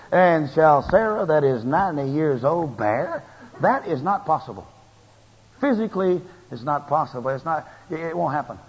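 A husky-voiced man preaches in a folksy, animated style, pushing his emphasis up and up as he drives each point home. His voice sits a little high for a man. The recording is a dull, lo-fi tape that rings with long church-hall reverb. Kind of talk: sermon.

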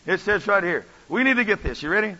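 A man preaching from the pulpit with a bright, forceful voice and a fervent, repetitive cadence. His voice sits a little high. The recording is dull and trails off into long reverb from a large church room. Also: animated, quick pace, breathy edge. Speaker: pastor. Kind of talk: sermon.

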